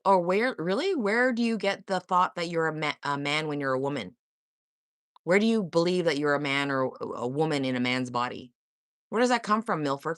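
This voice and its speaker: A woman hosts a live stream and argues straight at her viewers, confrontational and sarcastic, with swearing. Her pitch leaps up and down as she talks. The sound is dry and close, with no room echo. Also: expressive, fairly quick, a bit bright. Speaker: livestream host. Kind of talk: heated live-chat monologue.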